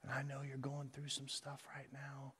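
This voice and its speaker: A man whispering as God, gentle and close. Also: medium pitch, monotone, normal speed, husky, voice pushed down. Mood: reassuring. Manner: soft, gentle, intimate. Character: God, a calm, loving, reassuring presence speaking close. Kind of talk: whispered role-play.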